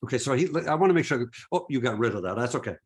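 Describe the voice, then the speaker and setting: A middle-aged man from Massachusetts with no regional accent and a medium-pitched voice. He answers audience questions in an easygoing, chatty way. He often stops and restarts his sentences and leans on fillers. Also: lively intonation, very fast. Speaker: photography presenter. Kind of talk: webinar Q&A.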